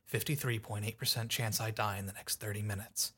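A man's voice: on the low side, fairly even intonation, brisk, sharp tone, slightly rough. A man voicing a timid, frightened young girl with a pleading, fearful manner. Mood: flat.

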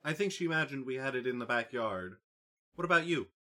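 A man voicing a quiet, blunt young teenage girl in an audiobook, giving short, flat replies. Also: mid-range voice, fairly quick, pitched above the performer's own voice.

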